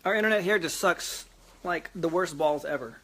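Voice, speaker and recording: High, bright-voiced young man rambling. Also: moderate pace. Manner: rambling, easily frustrated, lots of fillers. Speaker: real estate investor vlogger. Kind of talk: casual video diary. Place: at home.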